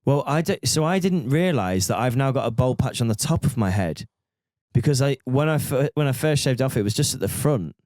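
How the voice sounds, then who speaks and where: A man's voice: mid-range voice, expressive, fairly quick, darkish tone, no echo, studio quality. A man co-hosting a podcast, joking and teasing his friend in casual chat. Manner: joking, teasing, calls people mate. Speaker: podcast co-host.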